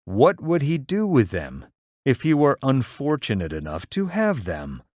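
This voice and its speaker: A man reading aloud, voicing a calm middle-aged father with a dry, sarcastic wit. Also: mid-range voice, unhurried, dry recording, pitched above the performer's own voice.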